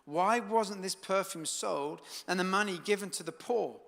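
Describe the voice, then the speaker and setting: A man's voice: sits high, moderate pace, gravelly, a bit bright, long reverb tail. A man preaching a sermon as pastor, telling stories dramatically and building to fervent peaks. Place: church hall.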